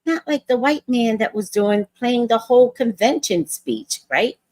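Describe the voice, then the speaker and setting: A woman hosting a casual livestream, telling an animated story and acting out other people's lines in voices. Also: fairly high pitch, measured pace, dry recording. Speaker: vlog host.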